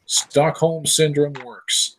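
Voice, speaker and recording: A man's voice: a little high, a bit bright, a little hiss or hum. A man running the quiz rounds on a casual podcast, reading out clues and teasing the panel. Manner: teasing, reads clues slowly. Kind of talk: casual podcast game chat.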